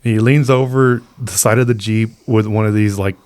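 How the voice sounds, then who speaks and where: A man's voice: on the low side, fairly even intonation, brisk, darkish tone. A man co-hosting a podcast, telling a long story in a laid-back, rambling way and acting out the people in it. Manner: laid-back, rambling, acts out quoted voices. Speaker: podcast co-host. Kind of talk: casual storytelling chat.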